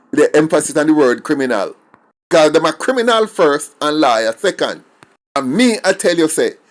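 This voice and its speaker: A middle-aged Jamaican man giving an emphatic, indignant opinion monologue and slipping between English and patois. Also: a little high. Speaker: commentator.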